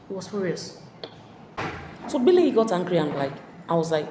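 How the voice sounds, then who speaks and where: A woman's voice: fairly low pitch, moderate pace, pauses often. A woman tutor casually retelling a play scene by scene, acting out the characters' lines as she goes. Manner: animated storyteller acting out quoted characters. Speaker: literature tutor. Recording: echoey room with faint ambient noise.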